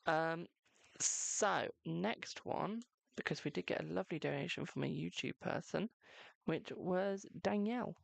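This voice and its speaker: A tarot-reading live-stream host talks at a measured pace in a mid-range voice with vocal fry, recorded on a close mic with no room sound. Chatty and reassuring, the host calls viewers "my darling" and fills gaps with "okay."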